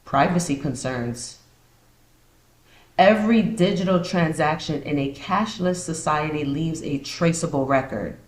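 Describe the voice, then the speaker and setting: A woman's voice: sits low, measured pace. A woman hosting a podcast, reading points aloud and then riffing on them with sarcastic asides. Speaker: podcast host. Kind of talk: casual commentary podcast. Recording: roomy echo.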